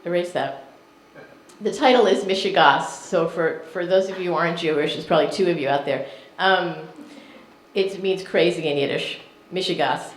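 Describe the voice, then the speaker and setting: A woman poet reads her poems slowly and carefully in a lounge, with relaxed, chatty asides in between. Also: on the low side. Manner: slow, measured reading with chatty asides. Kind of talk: poetry reading. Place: lounge with live audience. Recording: echoey room.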